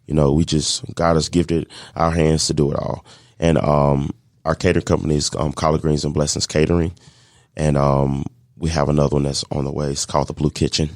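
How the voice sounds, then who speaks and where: A man with a very low, gravelly voice tells his story on a podcast. He acts out his past thoughts, and the sound is close and dry. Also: flat delivery, fairly quick, no echo. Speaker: catering business owner.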